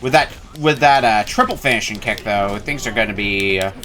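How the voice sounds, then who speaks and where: A man's voice: lowish voice, normal speed, a bit bright. A man streaming a game and musing aloud in casual commentary. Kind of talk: gameplay commentary.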